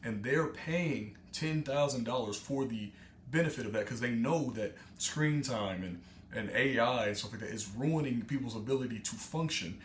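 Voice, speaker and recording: A man's voice: mid-range voice, moderate pace. A man talks through casual reaction commentary, wandering with frequent fillers and false starts. His voice sits in a middling range. The room echoes noticeably, with a faint background hiss. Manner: rambling, many fillers and restarts. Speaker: reaction streamer.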